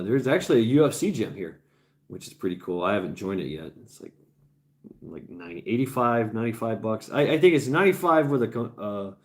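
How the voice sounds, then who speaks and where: Rambling profane man in his forties. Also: mid-range voice. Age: 40s. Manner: rambling, profane, laughs often, repeats himself. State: tired after hours on stream. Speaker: livestream host. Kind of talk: casual livestream chat.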